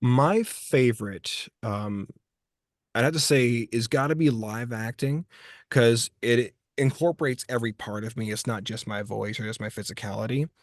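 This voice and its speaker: Interview guest: a man voice actor from Texas, chatty storyteller, mid pitch, dry close sound. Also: normal speed, dry recording. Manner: chatty, restarts phrases while telling anecdotes. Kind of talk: casual interview chat.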